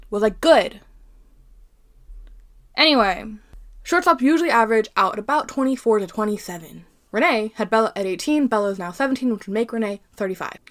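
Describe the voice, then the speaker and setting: A young woman from Arizona hosting a casual book commentary, ranting in an animated, heated way with plenty of swearing. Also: fairly high pitch.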